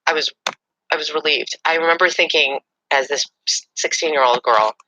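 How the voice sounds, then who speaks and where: A woman's voice: low voice, normal speed, noisy background. A woman telling a personal story in a casual interview, with a dramatic, breathless way of talking. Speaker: interview guest.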